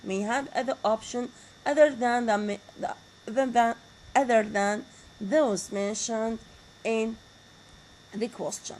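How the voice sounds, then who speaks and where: A woman with an Iraqi Arabic accent delivers a university lecture. She speaks slowly and deliberately in a slightly high voice, often asking the class questions and repeating key words. Faint noise sits behind her. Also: steady tone, a little mellow, poor audio. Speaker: teacher.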